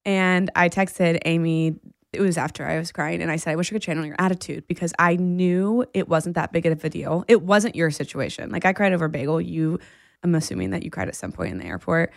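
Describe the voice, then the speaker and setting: A woman co-host chats casually on a podcast, spinning an everyday story with lots of energy and laughter. Her voice sits a little low, with a gravelly fry. The sound is dry and close, with no room around it. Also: fairly quick, dry recording. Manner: animated storyteller, laughs often. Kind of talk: casual chat.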